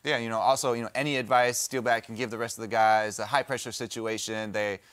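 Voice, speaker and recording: A man giving esports desk analysis, slow and hesitant with many fillers. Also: mid-range voice, fairly even intonation, fairly bright tone, smooth.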